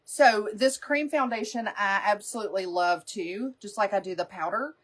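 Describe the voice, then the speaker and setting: Speaking at medium pitch and ordinary speed, this woman hosts a live makeup session. She's a talkative storyteller who drifts from tale to tale and laughs often.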